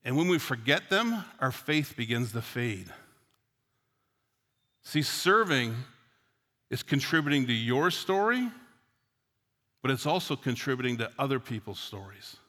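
A man's voice: medium pitch, very animated, a little slow, pauses often, pushed and bright. A middle-aged male pastor from Newfoundland preaching a sermon, earnest and mixing in personal stories. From Newfoundland, Canada. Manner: earnest preaching, storytelling asides. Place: church sanctuary. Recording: long hall reverb.

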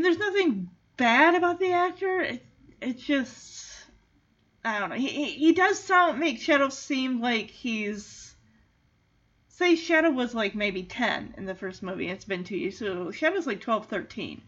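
A woman's voice: high voice, animated, a little slow, a bit bright. A woman chatting casually as she recaps a film, exclamatory, with many restarts. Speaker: movie recap vlogger. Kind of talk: casual chat. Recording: dull lo-fi audio.

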